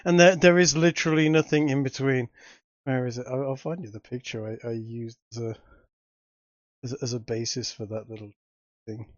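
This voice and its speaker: A man chatting casually as a podcast co-host, animated and quick to laugh. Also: mid-range voice, no echo. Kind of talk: casual chat. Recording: dry, dull lo-fi audio.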